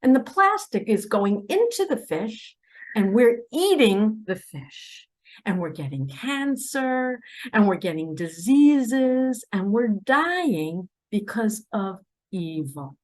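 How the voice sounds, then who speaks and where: A woman giving an impassioned monologue, swinging between loud pleas and hushed asides. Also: mid-range voice, very animated, takes it slowly. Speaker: self-described spiritual messenger. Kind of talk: emotional monologue to camera.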